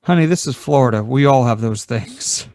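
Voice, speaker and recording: A man's voice: mid-range voice, moderate pace, a little mellow, no room sound, close to an everyday voice. A man voicing a naive, friendly boater lost in a swamp, polite, wide-eyed and folksy.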